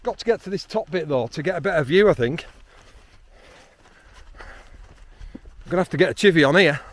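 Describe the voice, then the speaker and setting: A man, chatting excitedly outdoors on a hilltop, with frequent ums. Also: high voice, measured pace, long pauses. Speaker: landscape photographer. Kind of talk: casual vlog narration while hiking.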